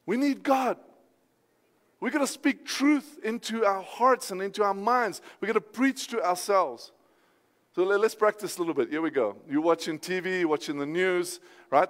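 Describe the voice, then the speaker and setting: A man preaching a sermon as pastor, exhorting his listeners and rising to shouted declarations. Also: high-pitched, expressive, normal speed, in a large hall. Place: church sanctuary.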